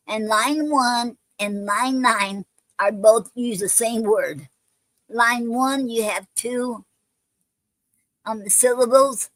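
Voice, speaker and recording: A woman's voice: a little high, dry recording, rough recording. A woman hosting a casual live stream, talking with many ums and restarts.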